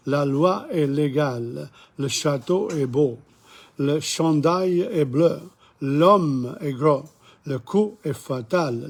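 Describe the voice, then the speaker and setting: Older male teacher, gravelly, husky, a little high-pitched, repeats words for practice, opinionated asides. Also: a little mellow. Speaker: language teacher. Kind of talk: informal video lesson. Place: bookshop.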